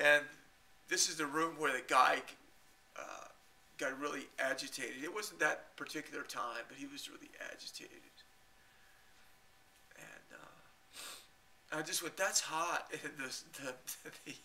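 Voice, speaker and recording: A man telling a long rambling story to his camera, halting and repeating himself and chuckling often. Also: a little high, sharp tone. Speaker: video blogger.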